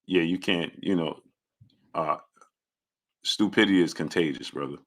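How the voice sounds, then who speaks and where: A man's voice: deep voice, moderate pace, a bit bright. A man hosting a boxing livestream, reading viewer comments and arguing back with indignation. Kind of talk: casual live-stream chat, reading super chats.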